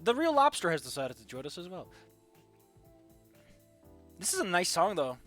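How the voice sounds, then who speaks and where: Over faint background music, a streamer whose first language isn't English chats through a game, joking self-deprecatingly. Their medium-pitched voice moves at normal speed with big pitch swings, and they bounce between loud outbursts and mumbling.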